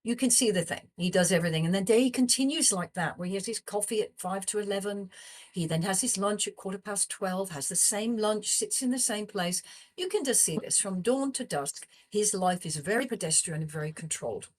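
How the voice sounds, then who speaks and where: A psychologist appearing as a guest tells a personal story in conversation, her medium-pitched voice fairly quick. She's an animated storyteller who acts out the quoted dialogue of the people involved.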